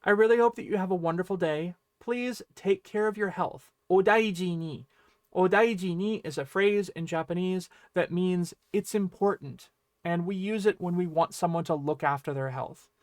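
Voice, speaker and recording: A man with a notably high voice gives a friendly online language lesson. He explains patiently and keeps checking that his students follow along. The sound is dry, with no room echo. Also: moderate pace, a little mellow. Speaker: Japanese language teacher.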